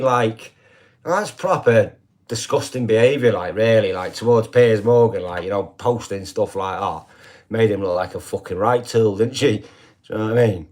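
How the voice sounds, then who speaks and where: An older man holds forth in a loose, rambling live-stream chat. His voice sits on the low side, and he swears freely and keeps checking in with "do you know what I mean.". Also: darkish tone.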